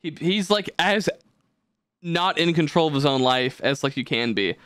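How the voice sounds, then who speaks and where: A man's voice: on the high side, expressive, moderate pace, a bit bright, smooth, no echo, studio quality. A man co-hosting a podcast, rambling casually with lots of swearing and fillers. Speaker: podcast co-host.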